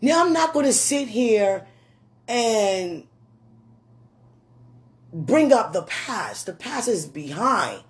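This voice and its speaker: A woman in a casual talk to camera, laughing often, with loose slangy speech and warm words to a loved one. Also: fairly high pitch, big pitch swings, slow pace, long pauses. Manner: affectionate, addresses a loved one.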